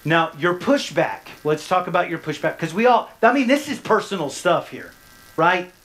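A pastor delivers a sermon to a church congregation from the front. His delivery climbs into loud, rising bursts and then drops to hushed, low passages. He keeps checking in with his listeners through repeated questions. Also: lively intonation, moderate pace. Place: church sanctuary, speaking from the front.

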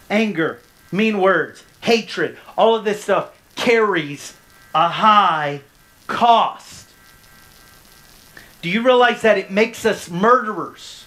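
A man preaching a sermon from the front of a church. He swings from loud, rising bursts to hushed, low stretches and keeps pressing his listeners with repeated questions. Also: animated, slow. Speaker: pastor. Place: church sanctuary, speaking from the front.

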